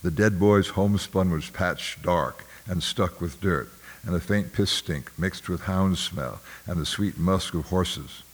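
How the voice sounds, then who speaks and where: A man narrating a literary novel aloud in a measured, somber manner, now and then clearing his throat. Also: sits low. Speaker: audiobook narrator.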